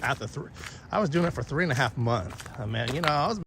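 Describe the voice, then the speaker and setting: A man's voice: medium pitch, lively intonation, quick pace. Rambling middle-aged man on a walk. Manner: rambling, profane, reminiscing with lots of ums. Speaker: vlogger live-streaming a dog walk. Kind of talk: casual storytelling chat. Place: outdoors on a neighborhood walk. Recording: outdoor stream with clear street noise.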